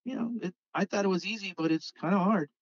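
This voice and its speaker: A man, a podcast guest telling a rambling, animated story and acting out the dialogue. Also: sits high, quick pace, dry recording, highs cut off. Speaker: podcast guest, scale model car artist. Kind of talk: casual storytelling chat.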